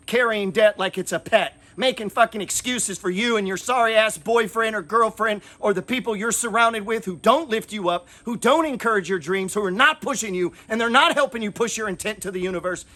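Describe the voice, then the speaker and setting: A man's voice: high-pitched, pushed and bright. A man hosting an investing channel, scolding his viewers in a fiery, profane, repetitive motivational rant.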